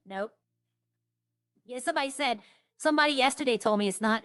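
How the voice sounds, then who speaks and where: A woman's voice: sits high, lively intonation, measured pace, long pauses, fairly bright tone, no room sound, studio quality. A woman streaming a roleplay game, chatting casually and rambling as she plays. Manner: rambling, chatty, trailing off and restarting. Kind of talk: casual streaming chat while playing.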